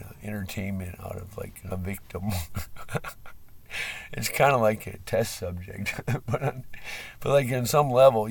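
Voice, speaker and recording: A man rambles through an unscripted monologue, swearing often and stumbling over fillers, lurching from sudden loud bursts to low mumbles. His voice is gravelly and husky. He sits a bit back from the microphone, so he sounds distant. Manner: rambling, profane, with frequent fillers and laughs; swings between loud outbursts and mumbling. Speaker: livestream host.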